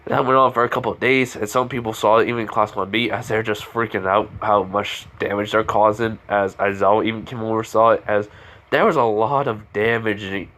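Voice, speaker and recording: A man's voice: fairly low pitch, steady tone, fairly quick, a bit bright. Rambling man narrating a fan story. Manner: rambling, heavy with fillers and restarts. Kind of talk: casual improvised story narration.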